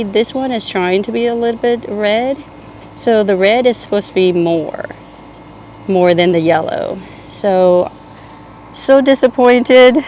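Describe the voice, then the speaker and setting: Slow-talking woman touring her garden. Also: mid-range voice, a little mellow. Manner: enthusiastic, chatty, hesitant restarts. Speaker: garden vlogger. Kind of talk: casual garden tour. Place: outdoor home garden. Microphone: clip-on mic. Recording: outdoor mic with faint AC hum. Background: air conditioner hum.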